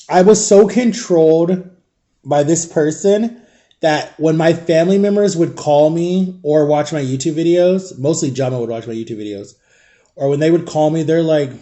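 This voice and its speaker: A young adult guy rambles casually through a personal story for his vlog, full of "like" and "guys." He sounds mellow, with a voice that runs a little high.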